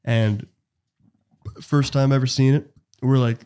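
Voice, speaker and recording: A man's voice: medium pitch, steady tone, dark tone, clear, resonant tone. Young man reading podcast notes aloud. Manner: reads haltingly with slips and restarts. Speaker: podcast co-host.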